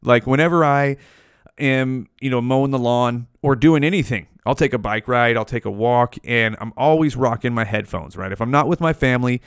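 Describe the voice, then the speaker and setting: A man's voice: medium pitch, moderate pace, smooth, no echo. Profane rambling man, dry sound. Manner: profane, rambling, stoner musing. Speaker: podcast host. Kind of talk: casual rambling monologue.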